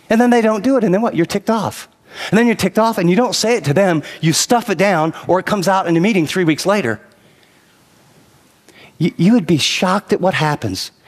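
Male pastor, slightly high voice, conversational sermon that turns emphatic; long hall reverb. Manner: conversational, rising to emphatic exhortation.

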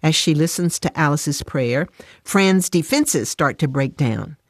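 A woman narrating a devotional story in a soft, measured way. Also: low voice, lively intonation, dry recording, studio quality.

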